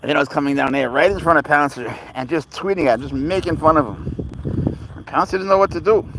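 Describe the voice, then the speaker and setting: A man's voice: fairly high pitch, fast talker, noisy background. A man hosting a casual live stream outdoors on a walk with his cat, rambling easily through viewer questions and baby-talking his pet. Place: outdoors on a walk near a road.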